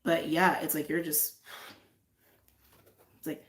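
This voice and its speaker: A woman giving an intuitive tarot and astrology reading in a casual, effusive way, repeating phrases and trailing off into soft asides. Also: low voice, flat delivery, takes it slowly, reverberant.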